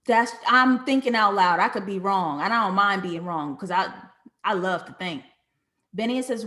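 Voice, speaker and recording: A woman hosting a live show, thinking out loud about a series and reading out chat comments. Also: mid-range voice, normal speed. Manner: thinking out loud, animated, talks back to chat. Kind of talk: casual live-stream commentary.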